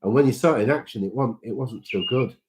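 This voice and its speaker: A man's voice: medium pitch, quick pace, a little mellow, a little hiss or hum. A man hosting a casual live chat, reading out viewer comments and greeting people by name in a sentimental way.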